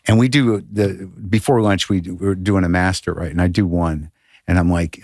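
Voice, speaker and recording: A middle-aged male comedian telling an animated, profane story in casual chat, with many stammering restarts. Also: sits low, normal speed, no echo, studio quality. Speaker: guest comedian.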